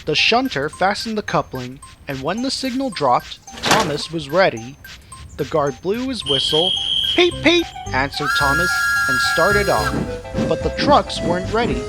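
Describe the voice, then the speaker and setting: A man narrating a railway storybook with lively expression. His voice sits high and swings widely in pitch. Music plays clearly underneath. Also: moderate pace, poor audio. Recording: music playing behind.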